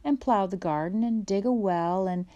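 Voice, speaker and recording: A woman voicing a kindly, patient pioneer father who talks in a steady, reassuring way. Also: medium pitch, normal speed, highs cut off, natural voice. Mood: explaining.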